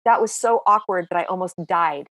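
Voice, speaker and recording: A woman in her sixties, a podcast guest telling stories in a casual, lively, self-mocking way. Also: on the low side, fairly quick, no echo. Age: 60s. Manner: lively, self-mocking storyteller who acts out dialogue. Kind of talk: casual interview storytelling.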